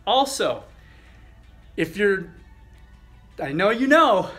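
A middle-aged male chiropractor demonstrating a thumb exercise, talking through each movement in a relaxed way with fillers. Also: sits high, slow, soft background music.

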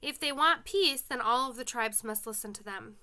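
Bright-voiced woman reading a novel aloud. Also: on the high side, moderate pace. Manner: friendly, casual asides to listeners. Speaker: reader. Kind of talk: audiobook reading of a children's novel.

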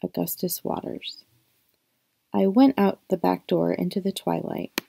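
A woman reading a novel aloud in a calm, even, reflective first-person narration. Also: lowish voice, vocal fry, no echo. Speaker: audiobook reader.

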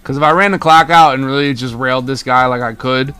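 A man's voice: mid-range voice, quick pace, sharp tone, smooth, no echo, faint music behind. A young man streaming a football video game, giving hyped, trash-talking live commentary to his chat and repeating himself as he plays. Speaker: gaming streamer.

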